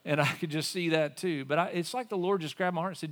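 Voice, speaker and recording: A man's voice: fairly high pitch, fast talker, a bit bright. A man in his forties, a pastor telling a personal story in a sermon and acting out both sides of an argument. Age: 40s.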